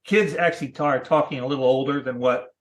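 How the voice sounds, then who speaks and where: A man in his sixties, a cartoonist guest, chatting casually in a thoughtful, halting way with many restarts. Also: mid-range voice. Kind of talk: casual interview chat.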